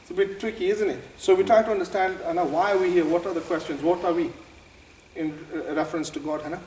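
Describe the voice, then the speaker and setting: A man's voice: high-pitched, fairly even intonation, fast, a little mellow. A man teaching a religious youth class, posing questions to the group and slipping into Punjabi. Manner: questioning, code-switching into Punjabi. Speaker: camp teacher. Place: room at a youth camp. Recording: echoey room from a distance, faint noise.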